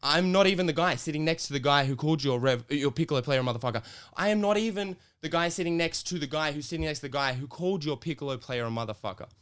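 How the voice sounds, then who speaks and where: Man playing a flustered heckler, pleading, rambling, voice climbing higher, smooth clear tone. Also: quick pace, hardly any pauses, a bit bright, close to an everyday voice.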